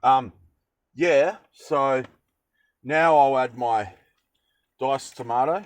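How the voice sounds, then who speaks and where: A man's voice: medium pitch, very slow, no room sound, rough recording. A young Australian man chatting casually while cooking in a van, rambling with jokey asides. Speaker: cooking vlogger. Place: van kitchen.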